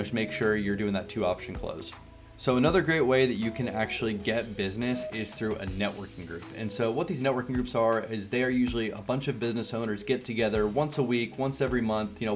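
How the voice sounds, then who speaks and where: Fast-talking Southern man coaching casually. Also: lowish voice. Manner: relaxed, rambling, drawling. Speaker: online business coach. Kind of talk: casual sales tutorial.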